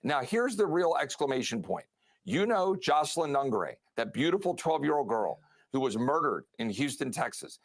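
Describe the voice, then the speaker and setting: A man, a congressman, speaking in a televised interview with forceful campaign rhetoric. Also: mid-range voice, very animated, normal speed, no room sound.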